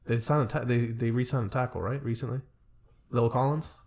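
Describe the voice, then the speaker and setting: A man's voice: medium pitch, steady tone, a little fast, creaky, a little mellow. Young man, casual sports chat, rambling, joking, mid-range voice. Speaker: podcast co-host.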